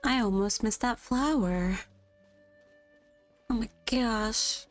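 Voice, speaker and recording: A woman's voice: on the high side, slow. A woman streaming a game, playfully chatting to herself and humming little tunes as she plays. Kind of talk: casual gameplay commentary. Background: soft background music.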